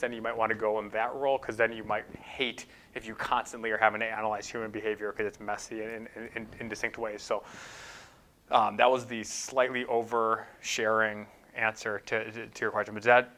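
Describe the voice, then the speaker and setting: Bright-voiced man answering questions. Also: fairly low pitch. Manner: thoughtful, hedging with fillers and restarts. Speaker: guest speaker. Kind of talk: conference Q&A answers.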